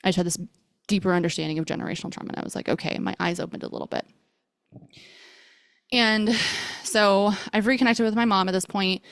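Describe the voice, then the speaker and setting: A young adult woman hosting a podcast, telling a personal story in a chatty, animated way with many fillers. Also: mid-range voice, quick pace, long pauses, smooth, no echo, clean studio sound. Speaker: podcast host.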